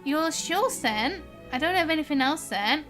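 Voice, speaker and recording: A young woman streaming a game, reading its dialogue aloud and chatting, bubbly and quick to laugh at her own slips. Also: high voice, lively intonation, a bit bright. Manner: chatty, bubbly, stumbles on words and laughs at herself. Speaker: gaming streamer. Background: game music.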